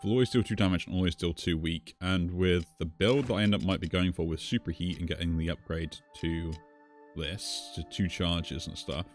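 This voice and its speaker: A man casually commenting on his own gameplay, thinking aloud as he plays. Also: deep voice. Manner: musing, thinks aloud while playing. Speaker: gaming streamer.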